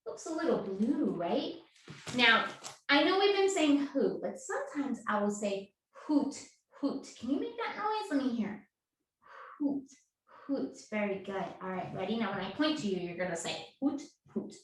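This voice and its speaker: A woman's voice: on the high side, big pitch swings, moderate pace, a bit bright. A woman leading a children's story time, reading a picture book, singing and coaxing young kids to join in. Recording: echoey room, distant mic.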